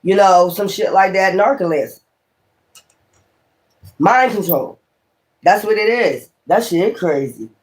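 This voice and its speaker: Man, tarot reader, high-pitched, swears freely, exclaims and rambles. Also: expressive, takes it slowly, pauses often. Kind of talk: casual tarot reading.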